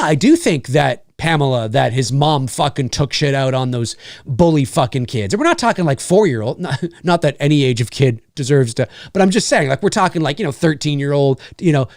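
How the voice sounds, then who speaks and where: A man co-hosting a podcast, talking casually and swearing freely as he pitches a story idea. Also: dry recording, studio quality. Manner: profane, animated storytelling with many fillers. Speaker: podcast co-host.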